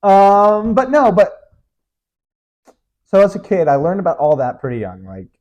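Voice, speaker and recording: A man's voice: sits high, very animated, measured pace, a little mellow, muffled recording. A young man hosting his own podcast alone, talking in a rambling, joking, self-mocking way. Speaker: podcast host. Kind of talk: casual solo monologue.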